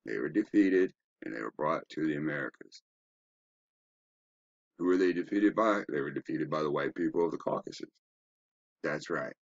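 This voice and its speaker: A man's voice: very deep voice, normal speed, creaky, pauses often, husky, no echo, highs cut off. A man giving a rambling, profane, preachy commentary while browsing web pages, asking rhetorical questions. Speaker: online commentator.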